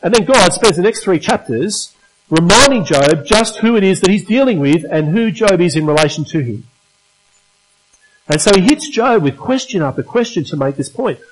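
Emphatic male preacher, higher voice. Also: lively intonation, normal speed, poor audio. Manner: emphatic, rhetorical questions to the congregation. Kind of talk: sermon. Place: church service.

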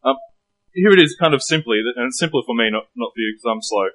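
A man's voice: medium pitch, expressive, fast talker, fairly bright tone, soft background music, poor audio. A man delivers a sermon in an easygoing, conversational manner. He often poses rhetorical questions to his listeners, and his voice sits in an ordinary middle register for a man. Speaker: preacher.

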